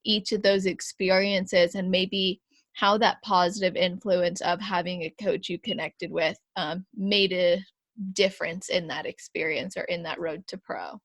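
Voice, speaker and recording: A woman hosting an interview podcast, asking measured, encouraging questions. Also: on the low side, steady tone, dry recording. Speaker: podcast host.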